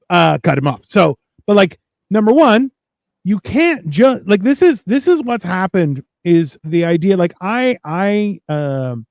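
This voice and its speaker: A man with a notably high voice holds forth in a casual podcast chat, swearing freely and piling one rambling story onto the next. The sound is dry and close, with no room around it. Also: vocal fry, no echo. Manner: crude, rambling, animated storytelling. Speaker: podcast co-host.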